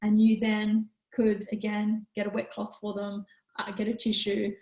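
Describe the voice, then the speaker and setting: A woman hosting a live online parenting workshop who answers questions in a gentle, calm, explanatory way. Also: medium pitch, normal speed, roomy sound, dull audio. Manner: gentle, calm, explanatory, with frequent "you know".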